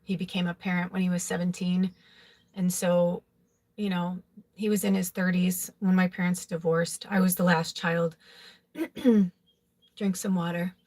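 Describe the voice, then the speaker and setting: A woman with a lowish voice talks through a personal memory in an easy, confessional ramble. She strings her thoughts together with constant "like" and "you know." Her tone stays open and emotional throughout. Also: flat delivery, unhurried, darkish tone. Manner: rambling, filler-heavy, with frequent "like". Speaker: psychic tarot reader. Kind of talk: casual personal storytelling.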